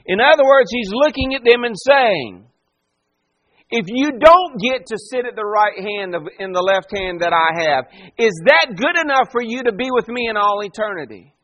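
A man's voice: high-pitched, expressive, normal speed, fairly bright tone, highs cut off. A man preaching a sermon, acting out the voices of the people he quotes and pressing his listeners with rhetorical questions. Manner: dramatic voicing of quoted figures, rhetorical questions. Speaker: pastor.

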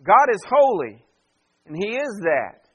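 A man pastor preaching a sermon verse by verse, swelling for emphasis and dropping to a hush. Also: high-pitched, very animated, takes it slowly, slightly rough.

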